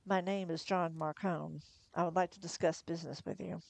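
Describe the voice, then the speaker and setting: A woman reading as a suave soft-spoken crime boss. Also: on the low side, fairly even intonation, normal speed, creaky. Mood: smooth, polite. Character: suave polite middle-aged male crime boss.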